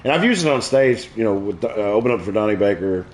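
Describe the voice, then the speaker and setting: Profane comedian telling stories casually. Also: male voice, fairly low pitch, expressive, quick pace. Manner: crude, profane joke-telling. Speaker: comedian and stream host. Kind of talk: casual storytelling chat.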